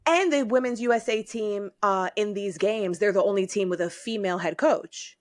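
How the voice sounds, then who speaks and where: A woman's voice: mid-range voice, normal speed, dry recording, studio quality. A woman co-hosting a sports podcast, chatty and emphatic, with a sentimental streak. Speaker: podcast co-host. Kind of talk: casual sports chat.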